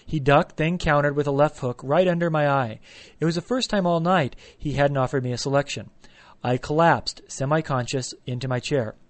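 Wry male storyteller, somewhat high voice. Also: normal speed. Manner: wry, comic first-person storytelling. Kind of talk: storytelling narration.

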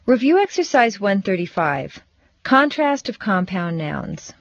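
A woman teaching English pronunciation, reading set phrases and sentences with slow, deliberate, exaggerated stress for learners to repeat. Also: mid-range voice, sing-song, dry recording, muffled recording. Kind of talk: scripted pronunciation drill.

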